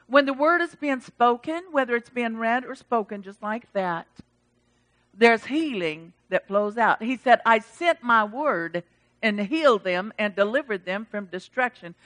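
Fervent woman pastor with bright tone. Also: a little high. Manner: fervent, swings from loud exclamations to soft pleading. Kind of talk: sermon with altar call.

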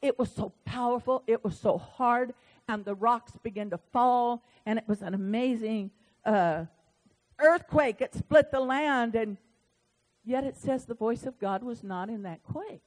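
A woman preacher delivering an impassioned sermon that swings between hushed, quiet passages and loud shouting, acting out conversations with God. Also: fairly high pitch, unhurried. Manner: acts out dialogue with God.

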